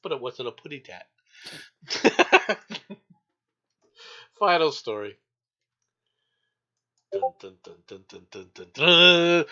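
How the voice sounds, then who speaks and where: A man's voice: high voice, pushed and bright. A man hosting a casual news review podcast, reading stories with joking asides. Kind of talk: casual comic news chat. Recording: dull lo-fi sound.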